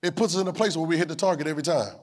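Talking very fast in a high voice, a male preacher delivers a sermon, working the congregation with call-and-response as his pitch rises and falls. He repeats lines for weight, asks whether they're listening, and climbs to loud shouts before settling back.

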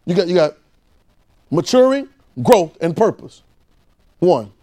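Preacher, male, somewhat high voice; call-and-response sermon, jumps from loud outbursts to low asides. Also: very animated, slow.

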